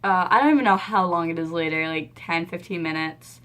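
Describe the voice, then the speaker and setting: A young adult woman telling a personal story in a casual vlog, animated, acting out the dialogue and laughing often. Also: lowish voice, a little fast. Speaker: vlogger.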